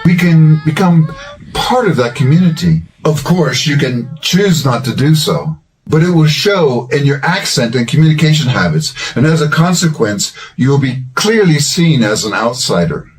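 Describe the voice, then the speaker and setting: A man in his sixties or older, giving a measured, scripted educational talk as a language-learning host. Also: on the high side, very animated, far from the mic, low-quality recording. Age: 60s or older. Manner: measured, explanatory delivery.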